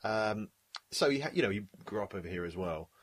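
A man with a fairly low, husky voice chats casually as a podcast co-host, rambling and joking, often restarting his sentences. His talk wanders loosely from one point to the next. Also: expressive, a little fast. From Britain. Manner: rambling, self-interrupting, jokey. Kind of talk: casual film chat.

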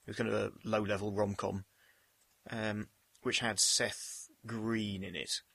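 Bright, husky man with wry quips. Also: fairly low pitch, little pitch movement, measured pace. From Britain. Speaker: podcast co-host. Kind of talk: casual film chat.

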